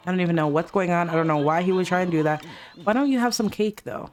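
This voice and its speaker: Excitable woman narrating a game. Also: on the low side, fast talker. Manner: excitable, chatty, reacts with squeals and gasps. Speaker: let's play gamer. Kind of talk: casual game commentary.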